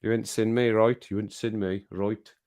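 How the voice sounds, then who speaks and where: His voice sits on the low side, a little mellow, with little pitch movement and normal speed. This middle-aged host reads the chat on a casual live stream, joking at viewers' expense, laughing often, and repeating himself.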